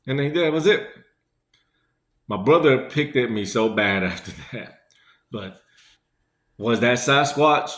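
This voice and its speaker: A man's voice: mid-range voice, sing-song, a little slow, long pauses, a bit bright. A man casually telling a personal story in a rambling, conversational way, full of fillers. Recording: echoey room.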